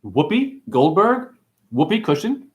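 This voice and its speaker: A man hosting an online show, rambling through playful wordplay in a sing-song way, with sudden high whoops and drawling asides. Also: very animated, measured pace, lo-fi sound. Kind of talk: rambling livestream monologue.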